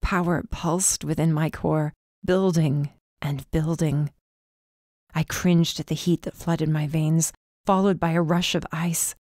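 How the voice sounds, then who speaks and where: A woman reads a dark first-person fantasy audiobook in a measured, intense delivery. Her voice sits somewhat low for a woman. The recording is dry and close with no room sound. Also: steady tone, no echo. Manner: intense, measured dramatic reading. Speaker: audiobook narrator.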